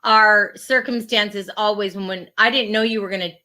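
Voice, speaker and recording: A woman's voice: mid-range voice, fairly even intonation, moderate pace, bright, forceful tone. A woman co-hosting a casual podcast, talking in an earnest, reflective way and often restarting her sentences. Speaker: podcast co-host.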